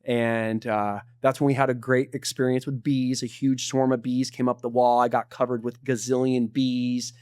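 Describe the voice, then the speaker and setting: A middle-aged man, a podcast guest, telling climbing stories in a laid-back, animated way. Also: mid-range voice, normal speed, few pauses, clean tone, no room sound, clean studio sound. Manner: animated, laid-back storyteller saying dude. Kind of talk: casual storytelling.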